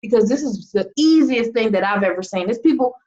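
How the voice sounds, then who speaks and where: Speaking fairly quickly in an expressive, slightly mellow voice on the high side, an American team leader and business coach rallies her online group. Her talk is emphatic and fired up, full of rhetorical questions, and the sound is lo-fi.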